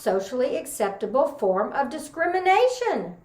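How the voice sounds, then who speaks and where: A woman's voice: high voice, very animated, slow, fairly bright tone, reverberant. A woman from Texas giving a humorous contest speech, telling stories full of folksy sayings. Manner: folksy storytelling with Southern sayings. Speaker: contest speaker.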